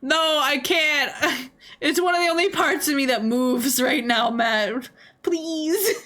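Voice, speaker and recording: Young woman streamer, bright and a bit high, animated casual commentary with frequent laughs. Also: slow.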